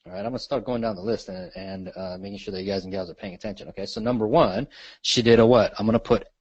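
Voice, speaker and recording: A man's voice: fairly low pitch, expressive, fast, creaky, darkish tone, breathy edge, dry recording, muffled recording. A man leading a real estate marketing training call, talking in a conversational way and checking in with the group after nearly every point. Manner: conversational, repeats questions, lots of "right?" and "okay?". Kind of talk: live training call, teaching.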